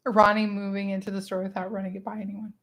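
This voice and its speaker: A woman hosting a casual book club livestream, chatty and expressive, who laughs often, talking into a small clip-on mic. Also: mid-range voice, quick pace. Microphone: small clip-on microphone.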